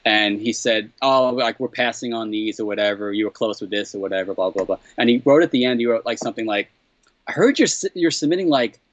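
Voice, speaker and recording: A man being interviewed as a comedy writer, retelling a story with plenty of energy. He jumps up into a higher voice to act out what other people said, laughs along as he goes, and keeps saying "what the hell". The sound is dry and a bit dull and lo-fi. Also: fast talker, hardly any pauses, no room sound. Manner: animated, acts out quoted exchanges in a higher voice.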